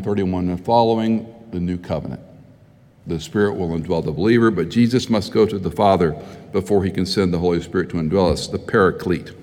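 A man's voice: on the low side, darkish tone. A middle-aged man preaching a sermon as pastor, telling stories conversationally and growing emphatic. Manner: conversational storytelling, rising to emphatic. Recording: hall with long reverb.

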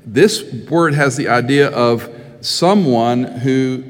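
A middle-aged man with a mid-range voice takes his time preaching a sermon as a pastor. He tells stories in a conversational way and grows emphatic, recorded in a hall with long reverb.

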